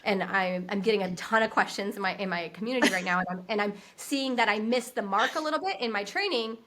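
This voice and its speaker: Podcast guest: woman, social media coach, bright tone, chatty and unfiltered, trips over her words. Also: medium pitch, fast talker. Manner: candid and animated, with frequent restarts and laughs. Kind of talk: unscripted interview talk.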